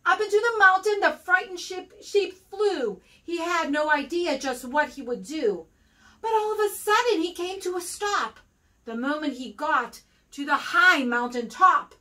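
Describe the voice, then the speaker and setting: An American woman reading a rhyming picture book aloud to kindergarten children, expressive and sing-song. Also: extremely high pitch, measured pace, far from the mic, rough recording. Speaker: guest reader for kindergarten.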